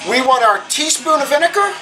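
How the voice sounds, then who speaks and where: Upbeat high-voiced woman cooking host. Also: expressive, brisk, rough recording. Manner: chatty, upbeat, often exclaims "boom" and asks "okay?". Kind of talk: casual cooking demonstration. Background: guitar music.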